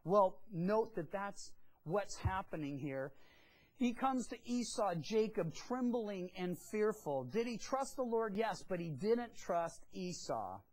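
A woman teaching a sermon in a lively, storytelling way, acting out the dialogue of biblical figures and adding humorous asides to the congregation. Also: medium pitch, slow, low-quality recording. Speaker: Bible teacher.

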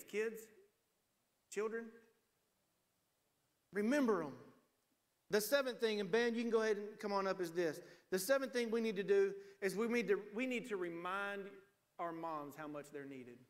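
A man's voice: high-pitched, moderate pace, pauses often, big-room sound. A man in his forties, a pastor preaching a sermon with humorous storytelling. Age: 40s. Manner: humorous storytelling, acts out voices. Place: church sanctuary.

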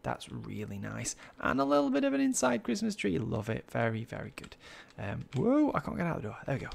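A man with a gravelly, mid-pitched voice talks through a video game tour in a relaxed, chatty way. He admires what he sees and fills pauses with ums and uhs. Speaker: Minecraft server tour host. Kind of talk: casual gameplay commentary.

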